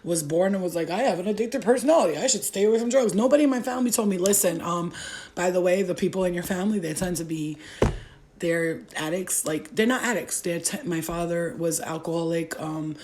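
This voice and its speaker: A woman's voice: lowish voice, fairly quick, a little mellow. A woman in her thirties telling blunt, profane stories in a casual livestream, often laughing as she talks. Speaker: vlogger.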